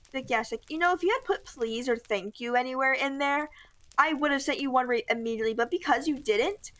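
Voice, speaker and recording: A woman's voice: high voice, a little fast, fairly bright tone. A teenage girl telling a storytime anecdote over gameplay footage, full of "like" and "I'm like". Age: teens. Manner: chatty, lots of "like" and "I'm like". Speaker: gaming vlogger.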